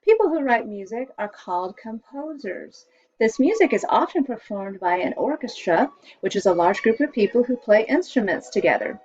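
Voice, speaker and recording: A woman from the United States, an elementary school music teacher, explaining composers and the orchestra to children in a cheerful, clear way. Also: fairly high pitch, big pitch swings, darkish tone, no room sound, muffled recording. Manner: cheerful, explains slowly for kids.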